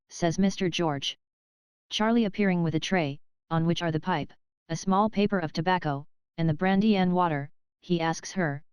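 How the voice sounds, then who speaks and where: Woman narrator, lowish and very clear, measured audiobook reading, dry close sound. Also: darkish tone, dry recording. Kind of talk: scripted narration.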